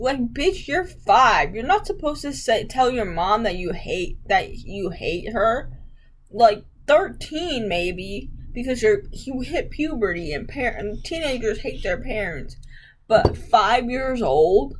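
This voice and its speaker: Girl vlogging, kinda high voice, unhurried, rambly, says "like" a ton and swears. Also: expressive, low-quality recording. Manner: rambling, heavy use of "like", swears casually. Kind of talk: casual chat to camera.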